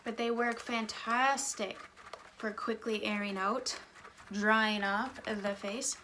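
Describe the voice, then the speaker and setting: Chatty bright-voiced woman vlogger. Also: fairly high pitch, steady tone, slow pace, slight background noise. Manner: chatty, rambling, drops to a whisper at times. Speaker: beauty vlogger. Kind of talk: casual get-ready-with-me chat. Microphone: phone camera close up.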